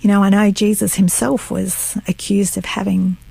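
A middle-aged woman sharing her faith testimony as a guest. She tells it earnestly, with a gravelly edge to her voice, recorded close and dry. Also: medium pitch, flat delivery, normal speed, warm tone, dry recording, poor audio. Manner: earnest storytelling, acts out quotes. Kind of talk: personal testimony.

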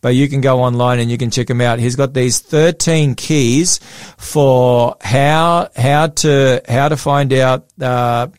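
A man's voice: medium pitch, fairly even intonation, slow, hardly any pauses, clean tone, no room sound, studio quality. A man co-hosting a casual Christian chat, rambling through stories with frequent restarts and fillers. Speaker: podcast co-host.

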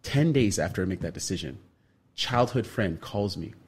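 A man from Canada, a guest on a radio show, telling a long story with lively energy and acting out the other people in it. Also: fairly low pitch, normal speed, slightly rough. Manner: animated storyteller, acts out other people's lines.

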